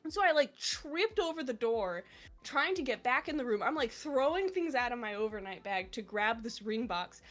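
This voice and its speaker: A young woman chats casually with friends, her voice sitting a little high. She tells stories with lots of energy and acts out the people in them. Faint music plays underneath. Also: normal speed. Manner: animated storytelling, quotes people in lively voices. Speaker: podcast co-host. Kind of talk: casual chat.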